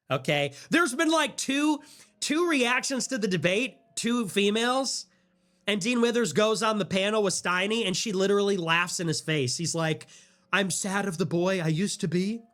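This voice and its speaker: A man in his twenties, a livestreamer, ranting fast and animated in casual stream talk, with laughing asides. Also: high voice. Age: 20s.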